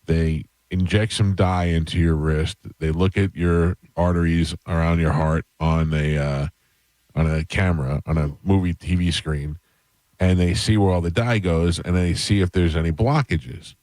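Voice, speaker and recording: A radio host telling a long, self-mocking story in a casual, rambling way, with restarts, into a close studio mic. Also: male voice, sits low, steady tone, moderate pace, a little mellow, no echo.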